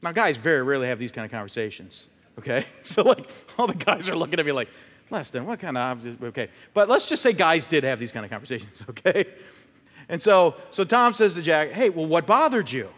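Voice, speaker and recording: A man's voice: fairly high pitch, sing-song, a little fast, a bit bright. A male pastor preaching a conversational sermon, telling stories and acting out short quotes. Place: church sanctuary. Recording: long church reverb.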